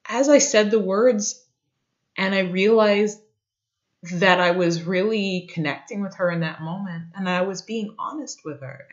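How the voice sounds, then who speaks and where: A young woman vlogger telling a personal story in an earnest, reflective way, often pausing to search for words. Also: on the low side. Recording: dull lo-fi sound.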